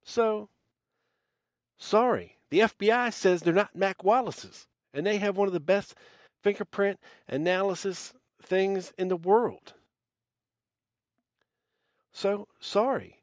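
A man's voice: high voice, slow, long pauses, dry recording, studio quality. A man hosting a podcast, delivering a blunt, scornful rant full of profanity. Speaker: podcast host. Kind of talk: ranting monologue.

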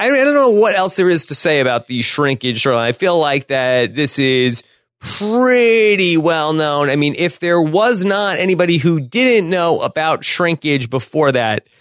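Man, podcast co-host, storytelling recap, slightly raised pitch, dry room. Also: lively intonation, a bit bright, no room sound. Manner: storytelling, quick retelling with laughs. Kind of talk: casual episode recap.

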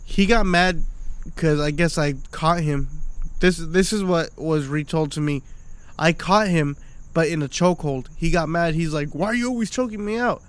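Drunk, loud-mouthed male co-host with a high voice, cursing through a casual chat. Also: fairly even intonation, measured pace, smooth. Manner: rowdy, swearing, laughing storyteller. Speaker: podcast co-host.

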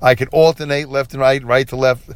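A man's voice: medium pitch, brisk, clear, resonant tone, no room sound. Self-mocking man rambling on his podcast. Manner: self-deprecating, chuckles often, animated when quoting himself. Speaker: podcast host. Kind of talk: rambling solo podcast monologue.

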